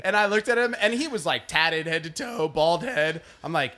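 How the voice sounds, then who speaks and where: A man's voice: on the high side, animated, moderate pace, bright, forceful tone. A man co-hosting a podcast, telling a long story in casual chat and acting out the people in it, laughing often. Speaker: podcast co-host.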